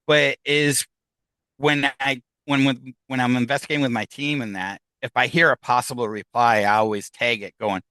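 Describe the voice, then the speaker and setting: A man's voice: mid-range voice, steady tone, normal speed, pushed and bright, no room sound. A man who investigates the paranormal, chatting casually in an interview, rambling with many restarts and fillers. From United States.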